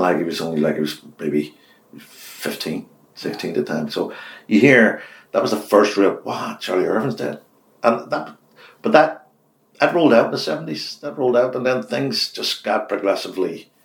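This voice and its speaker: A man in his sixties from Belfast with a West Belfast accent, a radio host chatting as an interview guest, telling stories in animated bursts with many restarts. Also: lowish voice, vocal fry. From Northern Ireland. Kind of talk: casual interview chat. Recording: echoey office room.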